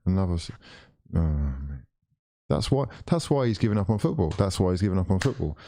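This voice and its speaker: Sweary man ranting at football. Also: brisk. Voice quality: lively swings of pitch and loudness. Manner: exasperated, sweary, ranting at his team. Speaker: football watchalong streamer. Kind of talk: live football watchalong rant.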